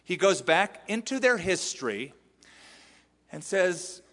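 Man, pastor, lively sermon, somewhat high voice, big echoing sanctuary. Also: takes it slowly. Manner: animated preaching with acted-out quotes. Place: church sanctuary.

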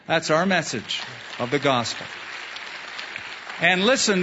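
A male pastor preaching a sermon, animated, acting out quoted voices in his stories. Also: high-pitched, unhurried, pauses often, some chatter behind, slight background noise. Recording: dull lo-fi sound in a reverberant hall.

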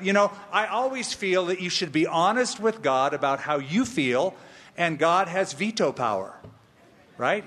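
A man's voice: a little high, a bit bright. A man pastor preaching a sermon, emphatic and humorous, repeating key phrases for weight. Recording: long reverb of a large hall.

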